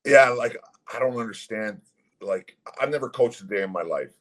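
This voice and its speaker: A man's voice: on the low side, lively intonation, normal speed. A middle-aged man, a former hockey player, telling blunt, profane stories in a casual interview. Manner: blunt, profane, heated storytelling.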